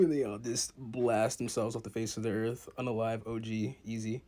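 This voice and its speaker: A young man casually recapping a manga chapter in slangy, profane talk, jumping into character voices in excited bursts. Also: fairly low pitch, moderate pace, hardly any pauses. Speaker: content creator recapping a manga.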